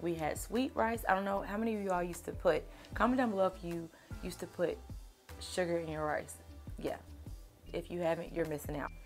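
A young woman with a Southern country accent, chatting casually to camera in a Q&A beauty vlog, devout and animated. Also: lowish voice, a little fast, faint music behind. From Kentucky, USA. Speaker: beauty vlogger.

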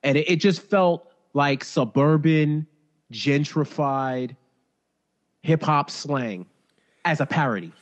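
A man's voice: on the high side, slow pace, lo-fi sound. A man co-hosting a podcast in casual chat, blunt and joking, laughing along. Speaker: podcast co-host.

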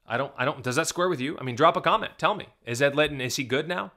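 A Southern Baptist pastor gives video reaction commentary, emphatic and indignant, firing rhetorical questions at his viewers. His voice is on the high side, quick, and sharp in tone.

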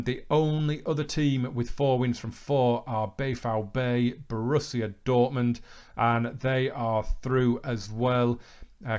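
A man hosting a football management game let's play, calling the action with bursts of excitement, then talking calmly through results. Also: medium pitch, dull audio. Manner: excitable match commentary, relaxed recap. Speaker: gaming channel host.

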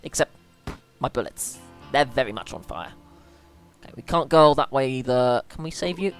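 Her voice extremely low and her pace moderate, a woman chats playfully over her let's-play gameplay, mocking herself along the way. She's excitable, frequently squealing and panicking as she plays, with soft background music behind her.

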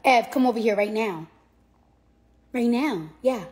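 Woman, tired musician talking to fans live on her phone; rambling, profane, repeats lines, voice a touch high. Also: lively intonation, a little slow, a little mellow. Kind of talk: casual rambling live stream.

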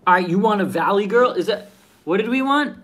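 A man's voice: high-pitched, expressive, brisk, fairly bright tone. Stammering male live stream host. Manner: stammering, repeating words. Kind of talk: casual live stream chat.

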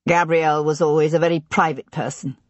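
A narrator voicing a grieving young gentleman. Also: mid-range voice, fairly even intonation, no echo, close to an everyday voice. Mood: subdued. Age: 30s. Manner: strained, desperate, halting. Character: grieving young gentleman, brother of missing woman. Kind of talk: audiobook character reading.

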